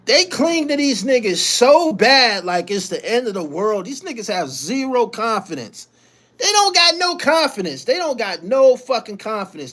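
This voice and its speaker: Profane animated New man ranting. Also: high voice. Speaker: live stream host. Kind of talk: casual live stream commentary.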